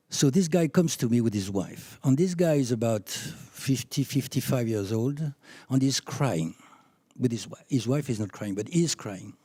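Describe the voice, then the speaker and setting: A man in his seventies from France with a French accent, telling anecdotes from his career as a chiropractor in a lively, laughing way. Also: medium pitch, dry recording. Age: 70s. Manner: animated anecdotes with laughs, rising when excited. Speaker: chiropractor speaking at a conference. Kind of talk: storytelling talk.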